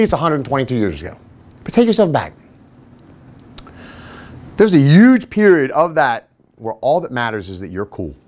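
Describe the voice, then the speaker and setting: A fitness trainer and podcast host telling a casual, self-deprecating story, acting out the other people's voices as he goes. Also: mid-range voice. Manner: animated, self-deprecating, acts out quoted voices.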